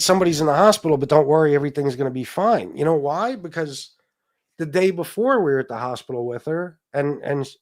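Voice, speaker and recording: A man's voice: fairly high pitch, a little mellow. Man rambling emotionally on his own show. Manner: rambling, emotional, with many restarts and asides; profane. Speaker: political talk show host. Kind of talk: casual live-stream talk.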